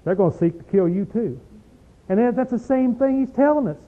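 A man with a notably high voice preaches in a folksy, emphatic way. He peppers the sermon with rhetorical questions and drags out key words of scripture. The sound is thin and phone-like, as on an old radio broadcast. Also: animated. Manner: slows down to stress verses.

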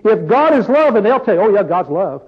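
A man's voice: high voice, big pitch swings, fairly quick, slightly rough, highs cut off. A man preaching an informal Bible-study sermon, folksy and plain-spoken, asking his group questions as he goes.

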